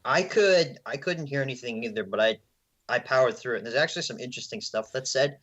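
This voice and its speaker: A man's voice: medium pitch, quick pace, fairly bright tone, muffled recording. Laid-back guy co-hosting a podcast. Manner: laid-back, stumbles into restarts. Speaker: podcast co-host. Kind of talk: casual podcast chat.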